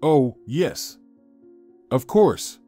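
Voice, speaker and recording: A man's voice: medium pitch, big pitch swings, extremely slow, warm tone, soft background music, full character voice. A man voicing an eager, polite young woman student in a narrated story. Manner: eager, polite, slightly shy.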